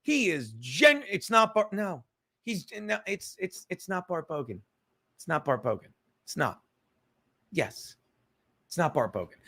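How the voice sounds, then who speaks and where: A man's voice: high-pitched, very animated, unhurried, pauses often, bright, forceful tone. A man, a comedian hosting a livestreamed podcast, chatting casually and rambling with plenty of swearing and jokes from home. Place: at home in a cluttered room.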